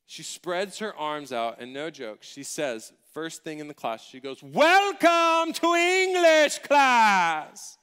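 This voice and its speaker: Pastor guy telling a funny story in his sermon, kinda high voice, super bright and clear. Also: a little slow, few pauses. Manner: animated, humorous, conversational.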